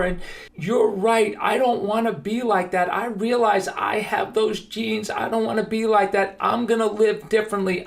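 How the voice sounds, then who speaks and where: A man voicing a tearful, earnest fifteen-year-old girl, mimicking her crying in a soft, halting way. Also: high voice, gravelly.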